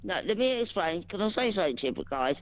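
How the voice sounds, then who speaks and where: A woman's voice: fairly low pitch, very animated, fast talker, no room sound. A woman caller from England chatting in a rambling, self-interrupting way on a phone-in show. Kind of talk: casual phone-in chat. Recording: tinny phone line.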